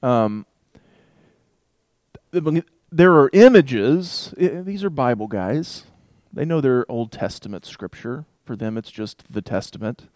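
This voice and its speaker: A man teaching a Bible passage in a relaxed, conversational way, reading verses aloud and thinking out loud with asides. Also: medium pitch, slow pace, dry recording, studio quality. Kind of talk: casual Bible study talk with scripture reading.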